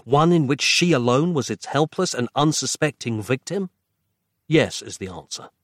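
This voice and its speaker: A man narrating a horror audiobook with dramatic, measured pacing. His voice sits at a middle pitch. It is recorded dry and close on a studio mic. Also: lively intonation, no room sound.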